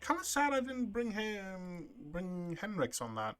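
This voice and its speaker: A man's voice: high voice, wildly swooping pitch, measured pace, fairly bright tone, smooth. A man streaming a game playthrough, reading his choices aloud in a playful way and laughing often.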